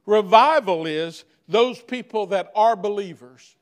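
A man's voice: sits high, measured pace. A man preaching a sermon as pastor, building intensity through repeated rhetorical questions.

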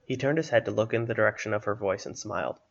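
A man reading a fantasy story aloud in a steady, even narration. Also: fairly low pitch, fast, vocal fry, muffled recording.

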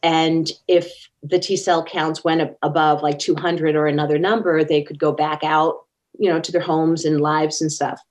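Her voice sits low with a level tone and moderate pace as she recounts personal experiences during an interview. Earnest throughout, she acts out what people said.

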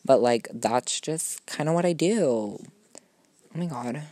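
A man's voice: mid-range voice, animated, takes it slowly, warm tone, no room sound. A young man, a student, hosting a rambling solo podcast. He talks in a gushing valley-girl drawl full of "like" and "oh my god", swears casually, mocks himself and keeps jumping between topics. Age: young adult student. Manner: scattered, self-mocking, jumps between topics. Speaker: podcast host.

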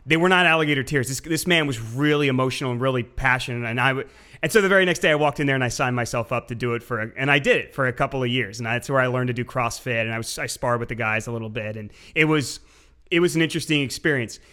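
A man's voice: mid-range voice, fast, bright, forceful tone. A man hosting a podcast, affable and often repeating words as he starts his sentences. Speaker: podcast host. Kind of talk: podcast interview.

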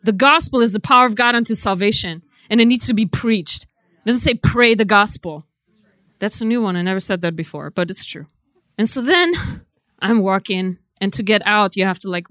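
A woman preacher telling a testimony in a casual, filler-heavy way, moving between hushed storytelling and loud, impassioned preaching. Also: medium pitch, dry recording. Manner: conversational, many "like" fillers.

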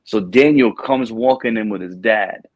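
Animated storytelling man, low voice. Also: moderate pace, dry recording. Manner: animated storyteller, acts out quotes, says "bro". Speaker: podcast host, Marine recruiting staff sergeant. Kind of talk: casual storytelling chat.

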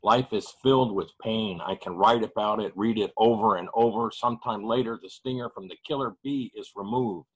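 A man reading his own poetry slowly and heavily at an online open mic, grieving and measured. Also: fairly low pitch, slightly rough, poor audio. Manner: measured, heavy pauses, grieving. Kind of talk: slow spoken-word poetry reading.

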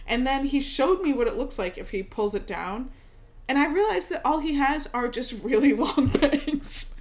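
A woman co-hosting a casual chat, talking in a lively way and laughing often. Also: sits high, moderate pace. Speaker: podcast co-host.

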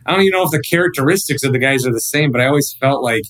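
A man in his thirties, a radio host guesting on a podcast, chatting casually and telling animated, rambling stories full of restarts. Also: medium pitch, rapid-fire, poor audio.

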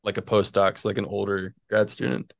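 A man's voice: lowish voice, little pitch movement, fairly quick, vocal fry, fairly bright tone, no room sound, studio quality. A man in his twenties, a physics PhD student, chatting casually as an interview guest, rambling with lots of fillers and little chuckles. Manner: rambling, chuckles between phrases, many fillers.

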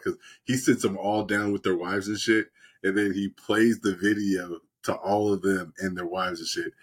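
Husky man retelling a show casually. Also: sits low, little pitch movement, normal speed. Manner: rambling, profane, laughing retelling. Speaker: podcast co-host.

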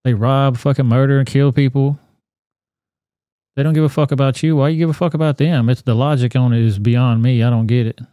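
A man hosting a podcast, commenting on a news video in a blunt, profane, animated rant. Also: medium pitch, brisk, no room sound, clean studio sound. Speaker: podcast host.

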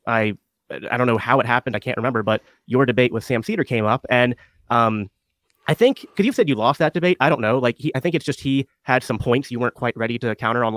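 A man's voice: mid-range voice, fairly bright tone, no room sound. A man on a podcast talking through his story with many hesitations and restarts. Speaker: podcast host. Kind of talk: conversational podcast interview.

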